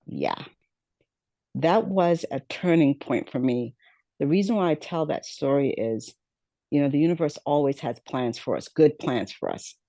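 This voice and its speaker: A woman's voice: low-pitched, lively intonation, unhurried, warm tone, dry recording. A middle-aged woman, a podcast guest, telling her life story in a conversational way with many fillers and acted-out quotes.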